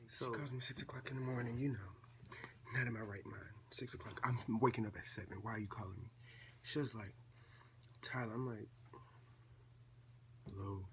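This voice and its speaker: A seventeen-year-old young man, a vlogger telling a casual storytime at home and acting out quoted dialogue in a chatty, animated way. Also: mid-range voice, fast talker, slight background noise. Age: late teens.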